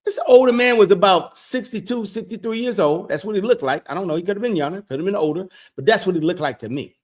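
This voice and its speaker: This vlogger's voice sits high, and he moves at a quick pace through an animated, casual story. He recreates exchanges with frequent "I said, he said" and repeats words in moments of excitement.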